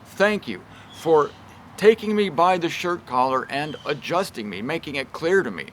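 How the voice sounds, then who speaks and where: A man giving a casual, emphatic Bible teaching talk with a wry, lively delivery. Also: on the high side, moderate pace, a little hiss or hum. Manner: emphatic and wry, shifts pace and loudness a lot.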